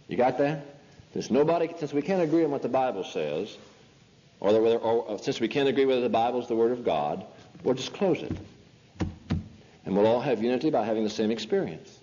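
Male preacher, mellow voice, pressing rhetorical questions; dull old recording in a reverberant hall. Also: medium pitch, lively intonation, brisk. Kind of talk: sermon.

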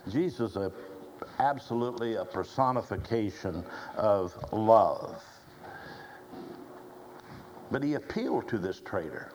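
Slow, low-voiced male preacher. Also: animated, darkish tone, slight background noise, poor audio. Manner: slow, deliberate preaching with quoted scripture. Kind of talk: sermon.

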